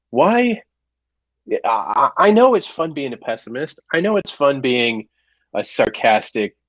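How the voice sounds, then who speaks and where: A man's voice: mid-range voice, no echo. A man co-hosting a podcast in casual chat, earnest, stammering and restarting his sentences. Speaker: podcast co-host. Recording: dull lo-fi dry mic.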